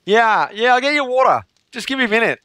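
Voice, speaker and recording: A man voicing a friendly, apologetic young Australian waitress in a high, chirpy voice. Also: lively intonation, extremely slow, a bit bright, dry recording, full character voice. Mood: cheery.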